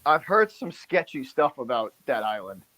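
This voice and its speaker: A man's voice: medium pitch, moderate pace, no room sound, poor audio. Laid-back man on a dry video call. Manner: relaxed, swears, talks to his cat. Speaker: stream guest. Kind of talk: casual chat on a video call.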